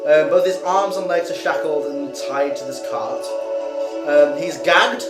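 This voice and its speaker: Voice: mid-range voice, a little slow. Hesitant game master narrating. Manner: hesitant, many ums. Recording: roomy recording with music behind.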